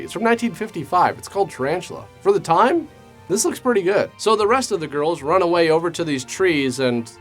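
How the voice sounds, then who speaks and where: A man hosting a comedic movie review, with a slightly high and very lively voice. He delivers sarcastic, deadpan asides over faint background music.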